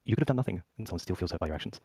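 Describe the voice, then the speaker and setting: A man mediating in a voice-chat argument, calm and measured, giving advice. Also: low-pitched, creaky, no room sound, poor audio. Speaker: mediator in group call. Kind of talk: voice-chat discussion.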